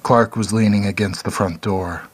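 A man narrating a dark story in a measured, somber reading. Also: fairly low pitch, steady tone, breathy edge.

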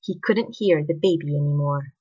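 A woman narrating a story in an expressive, scripted reading. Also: low-pitched, normal speed, slightly rough. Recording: dull lo-fi recording.

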